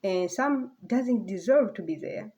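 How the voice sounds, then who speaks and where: Brief: woman vlogger, mellow soft voice, halting and rambling, slips to near whispers. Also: mid-range voice, expressive, highs cut off. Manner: halting, rambling, many fillers and restarts. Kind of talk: casual personal vlog monologue.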